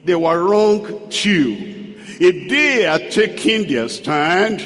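A man delivers a sermon in a high, widely swinging voice, taking his time over each phrase. His words ring out with a long reverb, as if from a big church hall. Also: animated, a bit bright. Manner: emphatic, slow and sweeping pitch, rhetorical questions. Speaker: preacher.

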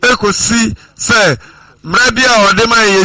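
A man preaching a sermon in measured phrases, citing scripture and repeating refrains. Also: high-pitched, bright, forceful tone, dry recording, rough recording.

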